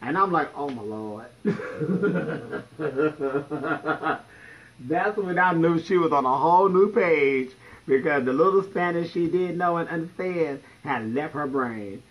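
A man's voice: a little high, lively intonation, moderate pace, muffled recording. A man in drag livestreaming from home, telling stories with a blunt, profane, sassy manner. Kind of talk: casual livestream storytelling.

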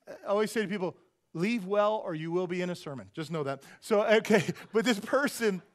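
A middle-aged man preaching a sermon as senior pastor, telling stories and acting out quotes with laughs. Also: on the high side. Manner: animated storytelling, acts out quotes with laughs. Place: church sanctuary.

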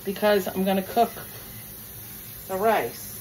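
Slow and a little mellow, her mid-range voice comes through a low-quality recording with slight background noise. She's a cooking vlogger in her home kitchen, chatting as she cooks and airing her pet peeves.

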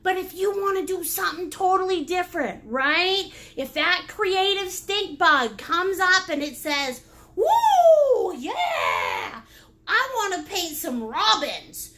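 A woman's voice: extremely high pitch, a little hiss or hum. A woman hosting a live painting class, joking around playfully and greeting viewers by name. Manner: animated, breaks into laughs and silly sounds. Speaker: painting instructor and livestream host. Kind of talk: lively livestream painting class.

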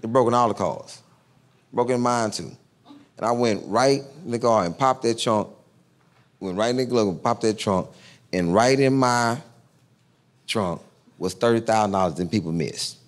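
A male comedian from Texas telling a profane, animated stand-up story. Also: lowish voice, moderate pace, long pauses.

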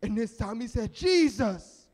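A male evangelist preaching at a youth rally, telling a story in an animated, dramatic way. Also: sits high, normal speed. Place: church sanctuary. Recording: echoey church sanctuary.

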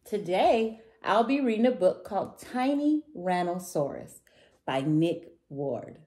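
A woman reading a picture book aloud to children, warm and sing-song. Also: lowish voice, big pitch swings, slow. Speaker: children's story reader. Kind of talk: read-aloud storytelling for kids.

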